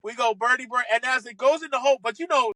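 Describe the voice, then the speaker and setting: High, bright-voiced man telling stories. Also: dry recording, poor audio. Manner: fast, excitable, acts out other people's quotes. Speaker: podcast guest, former caddy. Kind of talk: animated storytelling.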